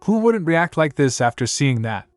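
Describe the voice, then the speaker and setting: Guy doing a calm reserved young noble, kinda earnest. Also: a little high, normal speed, no room sound, faint music behind, voice pushed up.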